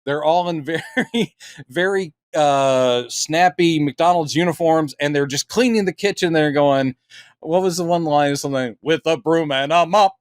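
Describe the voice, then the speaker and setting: A man co-hosting a casual film review podcast, talking animatedly and slipping into quick impressions of quoted lines. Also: fairly high pitch, no echo, clean studio sound. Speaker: podcast co-host.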